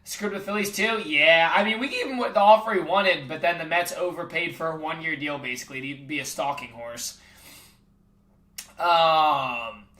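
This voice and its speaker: A man's voice: fairly high pitch, sharp tone, reverberant. A man livestreaming, trash-talking sports picks in casual chat with his viewers and calling everyone bro.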